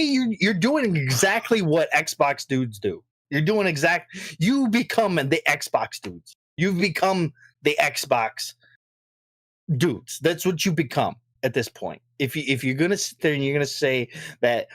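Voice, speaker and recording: Male podcast co-host on a profane rant, slightly high voice, dry booth sound. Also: lively intonation, a little slow, a bit bright, no echo. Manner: ranting, profane, exasperated.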